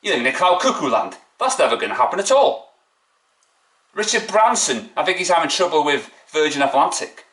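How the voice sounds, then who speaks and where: Indignant football fan ranting. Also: male voice, on the high side, very animated, fairly quick, fairly bright tone, reverberant. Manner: indignant, mocking, rhetorical. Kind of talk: opinionated fan rant.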